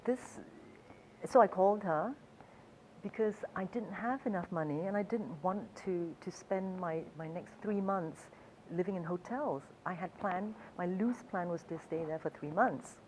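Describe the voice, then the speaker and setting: A woman travel author tells stories in a chatty, meandering way, full of small hesitations and laughs. Her voice sits low. Faint background noise runs under the talk. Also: a little slow, a little mellow, rough recording. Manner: chatty, hesitant, many fillers and restarts, laughs often. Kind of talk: storytelling talk.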